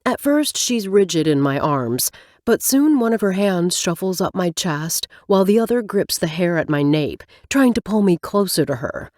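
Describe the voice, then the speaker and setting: Expressive woman audiobook narrator, dry sound. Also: on the low side, normal speed, no echo. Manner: expressive storytelling with wry asides. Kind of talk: scripted first-person narration.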